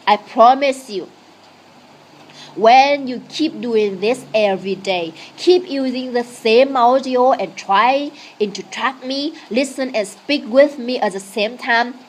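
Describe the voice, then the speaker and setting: A woman whose first language is Vietnamese, teaching an English lesson in a slow, repetitive, encouraging way. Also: a little high.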